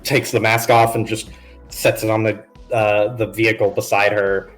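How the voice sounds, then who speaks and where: A man's voice: lowish voice, level tone, moderate pace, soft background music. A man narrating a tabletop game as game master on a live stream, in a loose and rambling way with many restarts.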